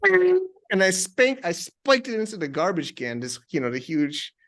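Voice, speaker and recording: Give me a male podcast guest recounting a story in halting, animated bursts. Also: fairly high pitch. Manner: halting, many restarts, animated retelling. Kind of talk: conversational storytelling.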